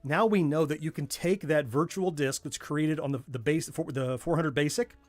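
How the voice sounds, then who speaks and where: A man's voice: fairly high pitch, normal speed. A middle-aged man with a Southern US accent, hosting a casual livestream from a home workspace and chatting in a way that wanders off on tangents. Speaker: livestream host.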